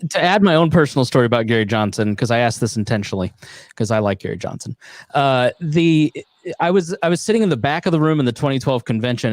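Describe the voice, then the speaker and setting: A relaxed male host moderating a question session over a video call. His voice is dry and close, with no room sound, and he talks in a loose, casual way. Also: medium pitch, no echo. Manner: relaxed, conversational, filler-heavy.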